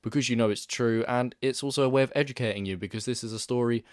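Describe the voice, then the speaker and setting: A man's voice: mid-range voice, fast talker, clear, resonant tone, no echo, studio quality. A man talking through a movie review in a casual, rambling way, often correcting himself mid-sentence. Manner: chatty, rambling, frequent self-corrections. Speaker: film reviewer.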